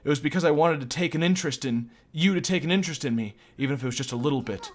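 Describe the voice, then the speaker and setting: A man's voice: fairly high pitch, rapid-fire, darkish tone, a little hiss or hum, voice pushed up, close to an everyday voice. A man reading the lines of a dreamy, affectionate schoolgirl aloud in his own plain voice. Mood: tender. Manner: plain read-aloud delivery.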